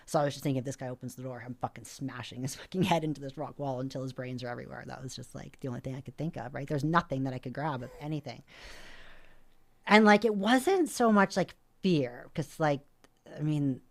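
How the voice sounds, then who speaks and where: A young adult woman from Canada, a podcast guest telling a story in a casual, animated way, with plenty of swearing and filler words. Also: a bass voice, fairly quick.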